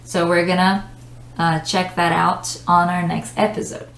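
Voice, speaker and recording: A woman's voice: on the low side, flat delivery, a little slow, creaky, a bit bright. A woman teaching an English pronunciation lesson, explaining patiently with examples. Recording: echoey room.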